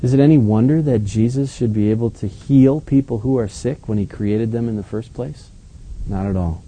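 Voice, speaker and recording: A man acting as pastor, reading scripture aloud and then commenting on it in a relaxed, conversational way. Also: mid-range voice, normal speed, slightly rough, rough recording. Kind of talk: Bible reading with sermon commentary.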